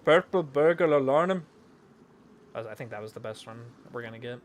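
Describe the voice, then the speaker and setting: A man's voice: lowish voice, monotone, rapid-fire. Jokey, rambling male streamer. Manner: jokey, rambling, self-mocking. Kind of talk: casual game streaming.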